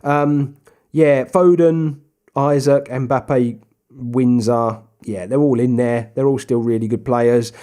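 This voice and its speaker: A man in his young adult years talks through a football management game, chatty and relaxed, his voice sitting at an ordinary middle pitch. He rambles along casually, then bursts into loud, excited play-by-play when something goes his way. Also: takes it slowly. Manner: chatty, bursts into excited shouting over goals. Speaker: gaming YouTuber. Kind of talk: casual Let's Play commentary.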